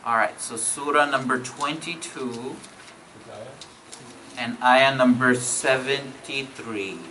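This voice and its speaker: A man teaching a grammar class, repeating each point, checking in with students and reciting verses quickly. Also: mid-range voice, sharp tone, slight background noise, rough recording. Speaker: Arabic teacher.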